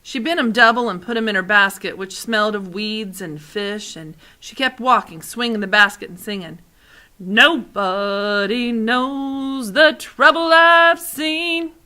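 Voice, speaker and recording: A woman's voice: medium pitch, moderate pace, few pauses, sharp tone. A woman reading a children's novel aloud expressively, adding asides to the listener. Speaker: audiobook reader.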